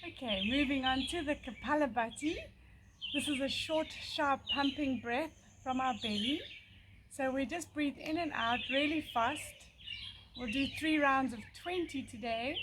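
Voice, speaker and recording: A woman with a high, light voice leads a yoga breathing session outdoors, speaking slowly and calmly between pauses. Steady background noise and birdsong sit behind her voice. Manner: calm, slow, soothing guidance with pauses. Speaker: yoga teacher. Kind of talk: guided yoga breathing instruction. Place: outdoors by a country lane.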